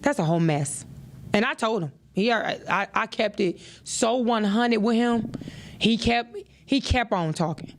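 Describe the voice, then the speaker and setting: A podcast host gives relationship advice in a casual monologue, her fairly high voice unhurried. She sounds conversational yet preachy and emphatic, repeating her points and sprinkling in plenty of "you know".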